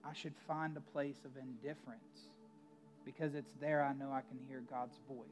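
A man's voice: mid-range voice, fairly even intonation, moderate pace, music in the background. A male pastor preaching a sermon in a conversational storytelling way, with emphatic asides to the congregation.

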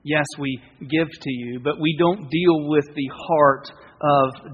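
A man preaching a sermon as pastor, earnest and conversational, with pauses and restarts. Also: on the high side, fairly even intonation, husky. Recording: dull, reverberant hall sound.

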